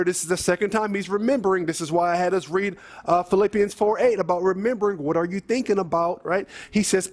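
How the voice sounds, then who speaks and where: High-pitched male preacher, earnest and urging, delivering a scripture sermon. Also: fairly even intonation, fast, hardly any pauses. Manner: earnest, exhorting, addresses listeners as saints.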